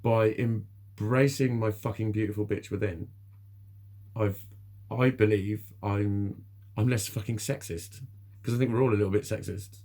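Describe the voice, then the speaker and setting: A man's voice: fairly low pitch, fairly even intonation, moderate pace, mellow. A middle-aged man, talking candidly to camera in a rambling, sweary way, laughing often. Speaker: vlogger. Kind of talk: candid personal monologue.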